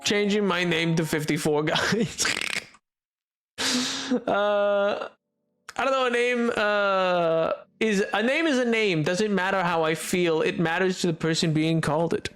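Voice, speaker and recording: A man's voice: sits high, unhurried, a bit bright, clear, resonant tone. A man streaming a game, chatting casually with his viewers in a rambling, joking way. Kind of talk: casual livestream chat while gaming.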